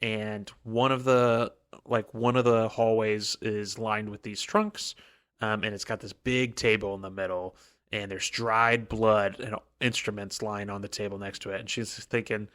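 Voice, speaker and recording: A man's voice: lowish voice, level tone, measured pace, fairly bright tone. A man co-hosting a book podcast, retelling the chapter in casual chat and briefly acting out the characters' lines. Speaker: podcast co-host.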